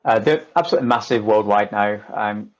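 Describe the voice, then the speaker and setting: A man's voice: on the low side, brisk, poor audio. A middle-aged man from northern England with a Lancashire accent, chatting as a podcast guest in a jokey, swearing way. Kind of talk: casual chat.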